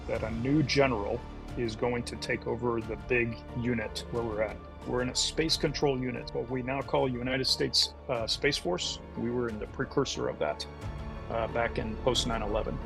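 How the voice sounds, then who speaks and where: A man's voice: mid-range voice, creaky. A middle-aged man, a podcast guest, telling a story in conversation and acting out the voices of the people in it.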